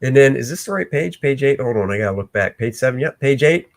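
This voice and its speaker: A man's voice: medium pitch, animated, fast talker. A man, a comic artist, casually narrating his own art, joking and rambling and interrupting himself. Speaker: comic artist hosting a drawing channel.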